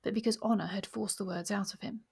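A woman reads passages of a novel aloud with expression and talks about the story between passages. Her voice is mid-pitched, husky and gravelly with fry. At times she drops almost to a whisper. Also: steady tone, fast talker, a little mellow. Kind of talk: reading aloud and discussing a novel.

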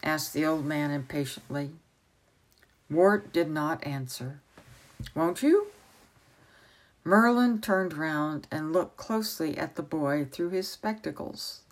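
A woman reading a novel aloud as a storyteller, with calm narration. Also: deep voice, unhurried, low-quality recording.

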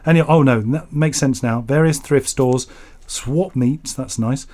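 A Yorkshire man co-hosting a relaxed radio show rambles and cracks jokes while reading listener mail aloud. His voice is medium-pitched, unhurried, and a bit mellow.

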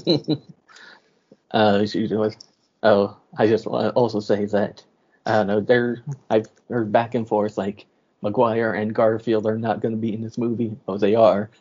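A man's voice: lowish voice, little pitch movement, measured pace, darkish tone, husky. A man hosting a podcast in casual chat, joking loosely and laughing often. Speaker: podcast host. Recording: dull lo-fi podcast audio.

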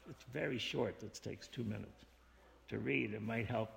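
A man with a deeply gravelly, creaky voice reads a short literary passage aloud and then unpacks it. He talks in a thoughtful, measured, explanatory way. The sound carries a long reverb tail, as if in a big hall. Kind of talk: reading aloud and reflecting on a passage.

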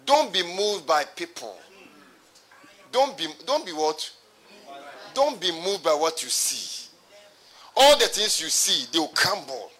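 A man's voice: sits high, big pitch swings, slow, long pauses, sharp tone. A pastor preaching a sermon to his congregation, repeating his phrases and calling for responses.

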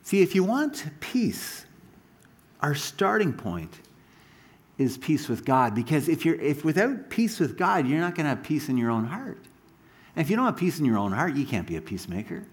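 A man's voice: a little high, sing-song, moderate pace, husky. A man preaching a sermon, telling stories animatedly with frequent restarts and asides. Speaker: pastor.

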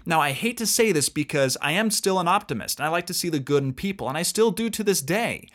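A man's voice: on the high side, animated, quick pace, a bit bright. A man co-hosting a talk, giving earnest and emphatic advice in a lecturing way. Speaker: co-host.

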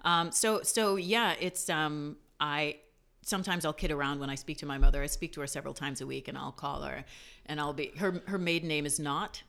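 Guest, woman from Jamaica, low voice, lively storyteller who laughs a lot. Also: a little fast. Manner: animated storyteller, laughs often. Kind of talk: casual interview chat.

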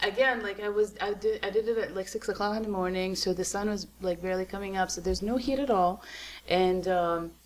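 A young adult woman, a guest runner, chatting casually on a podcast, telling her story with lots of laughs and acting out quotes in a high voice. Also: fairly even intonation, a little fast.

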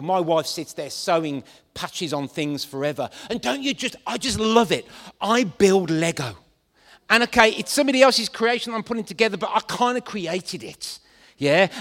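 A man preaching a lively sermon to a congregation, animated and playful, acting out scenes as he goes. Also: high voice, in a large hall.

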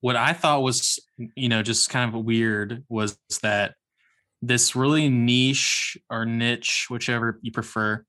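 A man co-hosting a casual music podcast, animated and self-deprecating. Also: mid-range voice, unhurried. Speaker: podcast co-host. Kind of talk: casual chat.

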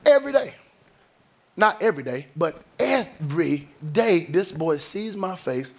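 A man's voice: high voice, big pitch swings, unhurried, gravelly. A middle-aged man preaching a sermon from a stage, dramatic and emphatic, acting out family scenes in his own voice. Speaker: pastor. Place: on stage before a congregation.

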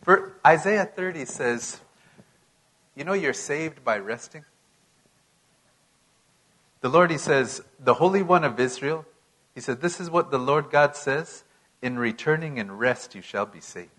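A male preacher delivers a sermon in an unhurried, measured way. His voice sits somewhat high for a man. He leans hard on key phrases, then drops to a near hush. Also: rough recording. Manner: unhurried, emphatic preaching with sudden loud and soft swings.

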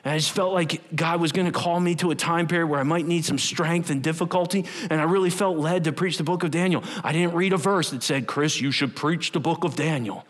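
A man's voice: a little high, fast, few pauses. A middle-aged male pastor preaching a conversational sermon and acting out quotes. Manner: animated, conversational, acts out quotes.

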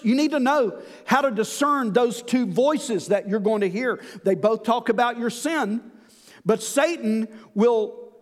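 A male pastor preaching a sermon in an earnest manner, slowing down to stress key lines. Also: very high-pitched, big-room sound.

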